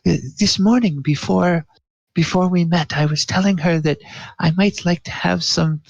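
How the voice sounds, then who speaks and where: A man voicing an excited young woman queen who gushes and stammers over her words. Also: high-pitched, normal speed, gravelly, no echo, pitched above the performer's own voice. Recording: dull lo-fi dry recording.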